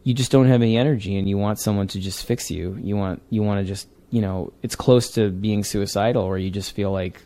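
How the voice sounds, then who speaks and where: A man's voice: fairly low pitch, steady tone, brisk, hardly any pauses, warm tone. A man, a comic book writer, talking earnestly and rambling in a casual interview. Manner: earnest, rambling, with many restarts.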